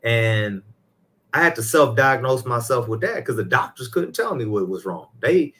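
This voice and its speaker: A man's voice: medium pitch, big pitch swings, normal speed, sharp tone. A man, an elder of a ministry, talking casually about faith and his own life, rambling and putting in a hallelujah now and then.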